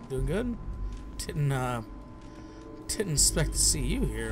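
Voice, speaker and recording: Man, mid-pitched, for goofy self-talking gameplay commentary with mock outbursts, home desk mic. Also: sing-song, unhurried, long pauses, over music. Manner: goofy, talks to himself and game characters, mock outbursts. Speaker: let's play gamer. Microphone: headphones and desk mic.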